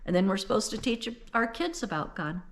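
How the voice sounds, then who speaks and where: A woman's voice: mid-range voice, sing-song, brisk. An older woman retelling a Bible story in a folksy, conversational way, then explaining its meaning earnestly. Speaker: Bible teacher.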